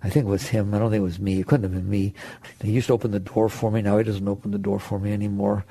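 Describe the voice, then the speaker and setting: A man's voice: fairly low pitch, flat delivery, quick pace, warm tone, no echo, pitched below the performer's own voice. A man voicing the inner thoughts of an unhappy married woman, whining and trailing off in self-pity. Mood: moping.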